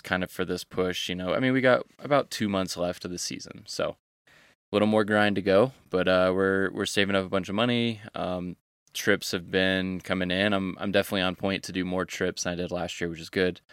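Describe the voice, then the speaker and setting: Laid-back deep-voiced young guide. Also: male voice, fairly even intonation, a little fast, fairly bright tone, clean tone, no room sound, studio quality. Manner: laid-back, rambling with casual slang. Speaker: fishing guide. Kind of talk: casual podcast storytelling.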